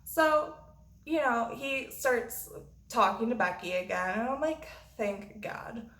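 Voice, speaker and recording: A woman's voice: a little high, expressive, unhurried, fairly bright tone. A woman vlogger telling a story in a blunt, profane way. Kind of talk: storytime vlog. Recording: roomy echo.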